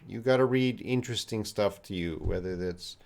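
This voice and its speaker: A man's voice: fairly low pitch, moderate pace, creaky, a little mellow. A man with a Canadian accent, an English teacher answering chat questions in a live-stream lesson, explaining patiently in simple words.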